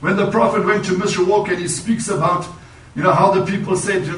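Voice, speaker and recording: A male preacher with a high-pitched, steady voice tells a personal story in a brisk sermon testimony, leaning on "you know" again and again and building in emphasis. The echoey church mic sits far away, and there's slight background noise.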